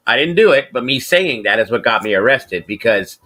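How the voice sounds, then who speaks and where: A middle-aged man hosting a casual podcast, telling a rambling, profane story and getting animated when he quotes people. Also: mid-range voice, brisk. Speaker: podcast host.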